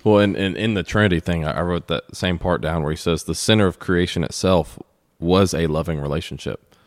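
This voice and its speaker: A man co-hosting a podcast, speaking reflectively and personally about faith, with halting repeats. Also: low voice, no echo, clean studio sound. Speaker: podcast co-host. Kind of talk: casual faith discussion.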